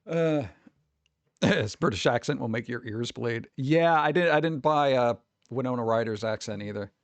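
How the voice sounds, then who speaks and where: A man's voice: moderate pace, no echo. Rambling male streamer, dry close mic. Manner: rambling, mocking impressions with sudden high-pitched jumps. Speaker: streamer host. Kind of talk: casual live-stream chat.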